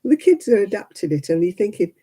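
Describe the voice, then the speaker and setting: A woman's voice: mid-range voice, very animated, fast talker, mellow, slightly rough, rough recording. An older woman chatting on her craft livestream, ranting indignantly and rambling with plenty of fillers. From United Kingdom. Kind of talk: casual chat while crafting.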